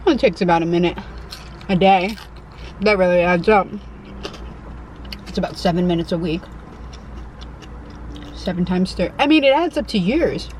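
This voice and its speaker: A woman's voice: lowish voice, normal speed, pauses often, darkish tone, slight background noise, poor audio. A young woman with a Connecticut accent, chatting casually and self-deprecatingly as she eats in a parked car for her eating vlog. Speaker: mukbang vlogger.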